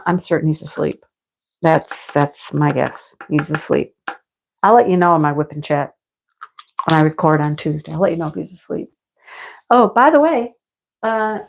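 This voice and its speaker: A middle-aged woman with a lowish, creaky voice hosts a craft livestream, chatting casually and responding to viewer comments. She rambles, laughs a lot, and gets a bit snarky, all over dull lo-fi home stream audio.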